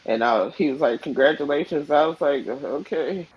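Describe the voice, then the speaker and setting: A woman's voice: low voice, moderate pace, lo-fi sound, a crowd in the background. A young woman in casual chat on a video call live stream, telling a story and acting out the voices of the people in it. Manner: animated storyteller who acts out quoted voices.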